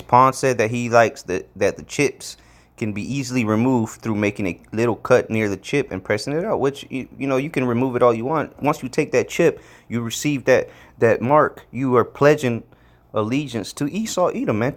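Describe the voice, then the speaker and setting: A man's voice: mid-range voice, normal speed. A man giving a casual, blunt scripture lesson, rambling and repeating words as he leans hard on the words he wants to stress. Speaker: preacher.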